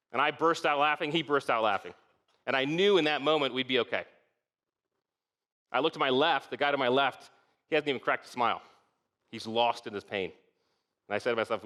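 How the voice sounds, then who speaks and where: A man's voice: mid-range voice, brisk, sharp tone. A middle-aged man giving a conference leadership talk in a conversational way, often asking "okay?" and "right?" to check in with the audience. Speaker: keynote speaker.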